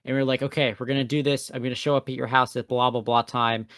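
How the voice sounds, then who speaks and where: A man's voice: mid-range voice, little pitch movement, fast, a bit bright, dry recording, studio quality. A young man co-hosting a casual podcast, telling a rambling, self-mocking story with a passive-aggressive edge. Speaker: podcast co-host.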